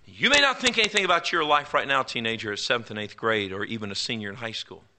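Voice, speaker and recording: A man preaching a sermon to teenagers in a church, swinging between loud declarations and hushed, drawn-out words, and calling out to his audience. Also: mid-range voice, expressive, rough recording. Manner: commands and banters with the audience. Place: church sanctuary before a congregation.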